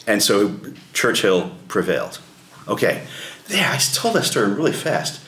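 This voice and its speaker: A man leading an adult class, telling a story in a conversational way, often clearing his throat and putting questions to the group. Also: fairly low pitch, very animated, unhurried, a bit bright. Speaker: adult education class leader. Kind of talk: informal lecture with storytelling. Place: church meeting room. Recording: echoey church room.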